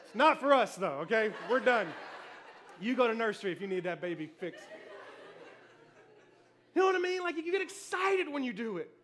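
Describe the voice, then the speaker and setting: A male pastor preaching a sermon, telling family stories with animated energy, shouting cheers and then dropping soft. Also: very high voice, normal speed, long pauses, a faint crowd.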